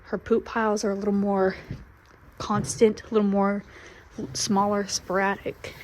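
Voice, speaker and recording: A woman filming a casual vlog while walking a horse barn at midnight, speaking quietly and often whispering so she won't disturb the mares. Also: medium pitch, level tone, measured pace, slight background noise. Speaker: horse breeder vlogger. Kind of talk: casual vlog, hushed late-night barn walk. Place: dark horse barn at night.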